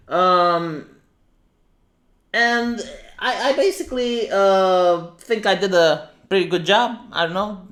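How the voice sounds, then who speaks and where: Speaking in a high, pushed, bright voice, a Romanian-accented man streams opinionated and sarcastic commentary. He frequently starts his sentences over.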